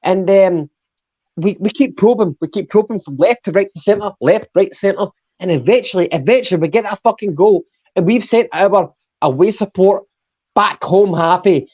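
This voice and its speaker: A man's voice: sits high, normal speed, highs cut off. A Scottish man ranting in a casual football podcast, swearing constantly and waffling, a few drinks in. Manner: sweary, rambling rants. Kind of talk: casual post-match chat.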